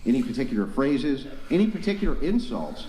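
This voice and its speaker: A man's voice: medium pitch, big pitch swings, brisk, dark tone, echoey room, slight background noise. A man in a heated podcast debate, talking in a mocking, sarcastic way and stretching out his words for emphasis. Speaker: debate show panelist.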